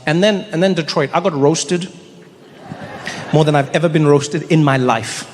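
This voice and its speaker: A man doing stand-up comedy, telling stories in an animated way with stammered restarts for effect. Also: a little high, normal speed, slight background noise.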